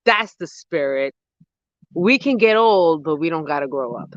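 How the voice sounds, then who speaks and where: A gardening host in their thirties, chatting casually with live viewers outdoors at dusk. They ramble excitedly and use a lot of slang. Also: medium pitch, a little slow, no room sound, muffled recording. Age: 30s. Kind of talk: casual live-stream chat answering viewers.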